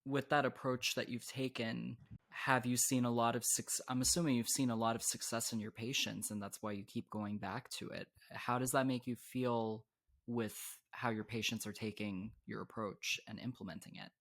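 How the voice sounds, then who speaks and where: Young man, podcast host, monotone delivery, hesitant personal talk. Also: medium pitch. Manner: hesitant, halting with restarts when speaking personally. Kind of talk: casual conversation.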